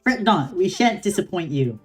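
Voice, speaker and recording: A woman voicing a grandiose young knight woman who speaks in an archaic, theatrical way, raising her pitch. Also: sing-song, moderate pace, a little mellow, soft background music.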